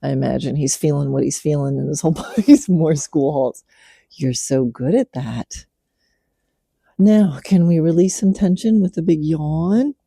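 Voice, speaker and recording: A middle-aged woman, a horse trainer, chatting in a relaxed way while she works her horse at night and coaxes him with gentle praise. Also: low voice, normal speed, vocal fry, breathy edge, no echo, studio quality. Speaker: podcast host, horse trainer. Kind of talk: casual spoken reflection while working a horse.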